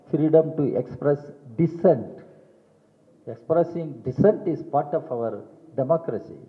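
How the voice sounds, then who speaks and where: An older man with an Indian English accent delivers a press statement at a measured, very slow pace, leaning hard on each key phrase and repeating it. The sound is narrow and tinny, as if heard down a phone line, and it carries a long echo from a big hall. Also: mid-range voice. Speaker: party general secretary at a press conference.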